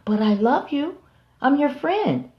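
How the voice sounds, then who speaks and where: A cruel male animal trainer coos in a soft, raised, falsely caring voice, stumbling over his reassurances, as a woman acts him out. The recording is roomy and somewhat dull. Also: high voice, sing-song, slow, voice pushed up, heavily acted. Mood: falsely soothing. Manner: falsely gentle, soothing, hesitant. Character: sly male animal trainer, cruel but sweet-talking.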